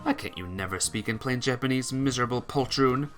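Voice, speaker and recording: A man's voice: mid-range voice, fairly quick, fairly bright tone, soft background music, close to an everyday voice. A man voicing a proud, scornful young noble bird who speaks haughtily.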